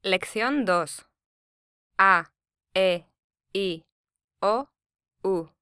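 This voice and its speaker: Female pronunciation model, very slow and deliberate, bright and smooth tone, dry studio sound. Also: mid-range voice, dry recording. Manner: slow, deliberate, clearly articulated. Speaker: native speaker model for pronunciation.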